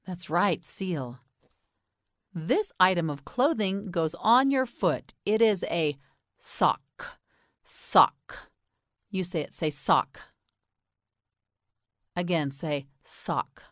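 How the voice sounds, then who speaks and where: An American woman teaching English pronunciation in a slow, scripted lesson, patiently repeating each word and encouraging the learner. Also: on the low side, animated, a bit bright, no echo, clean studio sound.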